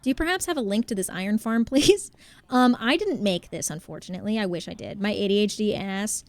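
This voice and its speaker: A woman's voice: mid-range voice, expressive, fairly quick, no room sound. A young woman live-streaming a game in a casual chat, thanking viewers by name and thinking aloud as she plays.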